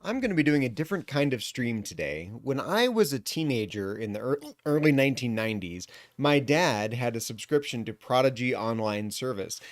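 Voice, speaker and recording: A man in his forties streaming casually from his computer, rambling with fillers and frequent throat clearing, slightly hiccupy. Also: medium pitch, expressive, moderate pace, hardly any pauses, no echo, clean studio sound. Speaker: live streamer. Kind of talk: casual live stream commentary.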